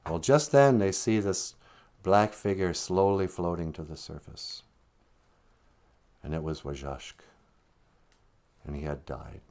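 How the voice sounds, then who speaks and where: Relaxed male storyteller. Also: low voice. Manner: relaxed, conversational, dramatic pauses. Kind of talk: live-streamed oral storytelling.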